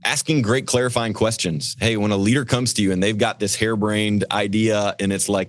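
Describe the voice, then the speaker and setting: A man's voice: on the low side, steady tone, fairly quick, few pauses, no echo. Earnest man speaking as a pastor guest. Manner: earnest, preachy, acts out quoted voices, many restarts. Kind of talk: podcast interview.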